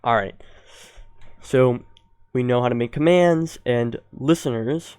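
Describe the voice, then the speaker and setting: Dry, smooth-voiced young man explaining code. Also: mid-range voice, slow pace, a little mellow, dry recording. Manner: explains step by step, thinking aloud with ums and self-corrections. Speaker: coding tutorial host. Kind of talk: screen-recorded coding tutorial.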